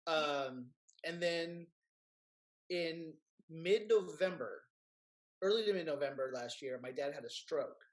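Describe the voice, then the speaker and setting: A man from Kentucky with a Kentucky accent, a filmmaker guest telling a story in a casual interview, lively and quick to act out what others said. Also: a little high. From Kentucky, USA. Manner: animated storyteller, acts out quotes in raised voices.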